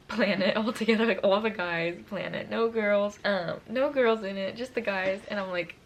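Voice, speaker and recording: A woman's voice: lowish voice, a bit bright, slight background noise. A young woman vlogger telling a personal story in a casual, gushing and emotional way, full of fillers.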